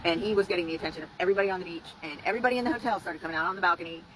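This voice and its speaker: Woman, bright tone, candid first-person storyteller with a faint noise floor, swears freely. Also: lowish voice, very fast, rough recording. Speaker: rescuer telling her story.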